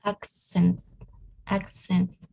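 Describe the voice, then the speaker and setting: Slow, hesitant woman student on a call. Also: fairly low pitch, little pitch movement, vocal fry, breathy edge. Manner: hesitant, quiet answers. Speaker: English student. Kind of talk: online English lesson. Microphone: video call.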